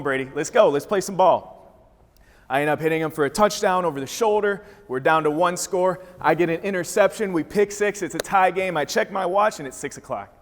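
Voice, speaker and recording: A man's voice: on the high side, fairly bright tone. A man from Wisconsin giving a motivational talk, telling a story with vivid energy. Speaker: speaker. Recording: reverberant hall.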